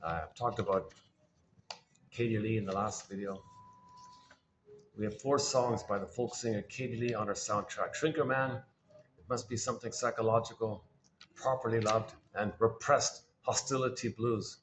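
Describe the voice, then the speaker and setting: A man with a lowish voice muses aloud in a loose, casual commentary, circling back and restarting his phrases. He slips now and then into quick voicings of the people he talks about. A faint hiss sits under the recording. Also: fairly even intonation. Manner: musing, restarts phrases, acts out quoted people. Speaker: host of a quotes channel.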